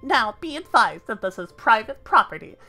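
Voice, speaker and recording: A tiny, chipper receptionist speaks in a raised, bright voice, as a woman puts her on. She is prim and overly formal, with faint game music playing behind. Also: a little high, sing-song, moderate pace, full character voice.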